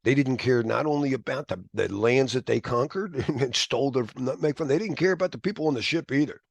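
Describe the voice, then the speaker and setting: A man teaching a live class, talking in a rambling, animated way with quick whispered asides. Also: medium pitch, creaky, no echo. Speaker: instructor.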